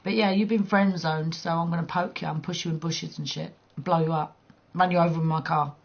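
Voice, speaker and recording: A woman's voice: low voice, steady tone, fairly quick, vocal fry, lo-fi sound. A woman livestreaming a game, chatting casually with viewers in a blunt, teasing way, swearing freely and laughing often. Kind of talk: casual chat while gaming.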